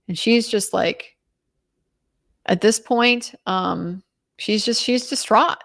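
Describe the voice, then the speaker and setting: A woman's voice: mid-range voice, unhurried, gravelly. A woman commentator giving a casual, chatty recap of a trial, with many restarts and quoted lines.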